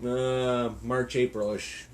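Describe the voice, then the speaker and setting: A man's voice: medium pitch, level tone, takes it slowly. Crude, teasing man co-hosting a podcast. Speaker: podcast co-host. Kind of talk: casual comedic banter.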